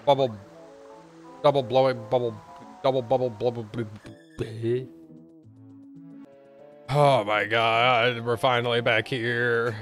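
A young man talks over his gameplay with swearing and open exasperation, his voice at an ordinary middle pitch. Faint game music plays under him. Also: fairly bright tone. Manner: profane, exasperated. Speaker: let's play host. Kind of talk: gameplay commentary.

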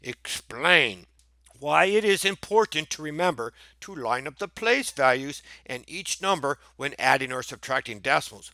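Goofy guy teacher walking thru decimal problems, bouncy pitch, bright voice, dry close sound. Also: lively intonation, normal speed, no echo. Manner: playful, theatrical, talks to students as friends. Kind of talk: math lesson video.

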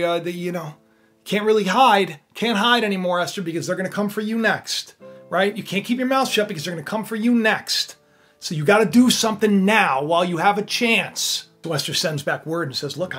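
Brief: husky-voiced man, informal storytelling sermon, chatty with many fillers. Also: sits high, fairly bright tone. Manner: conversational, rambling, with frequent fillers. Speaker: preacher. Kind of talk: casual biblical storytelling sermon.

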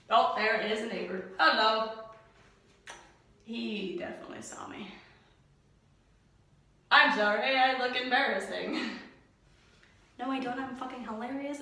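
A young woman with a bright, fairly high voice jokes and mocks herself in casual vlog chat. Her voice rings around a bare, empty room with strong echo. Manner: joking, self-mocking, laughs often. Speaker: vlogger. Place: empty glass-doored breezeway indoors.

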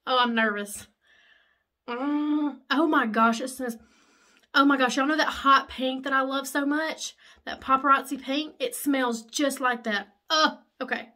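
A woman, chatting excitedly while doing her makeup in a casual vlog, gushing and chatty. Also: high-pitched, unhurried. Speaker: makeup vlogger. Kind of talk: casual get-ready-with-me chat.

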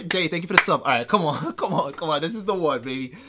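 A man streaming a basketball video game live, talking fast and loose to his chat, excitable and quick to yell or laugh. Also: fairly high pitch, very noisy. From New York. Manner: excitable, trash-talking, bursts into yelling and laughter. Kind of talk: live gameplay commentary.

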